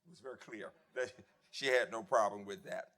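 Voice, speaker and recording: A man in his seventies, a former dean, giving a reflective memorial tribute and reminiscing warmly with some restarts. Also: on the low side, normal speed. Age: 70s. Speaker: eulogy speaker, former dean. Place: memorial service.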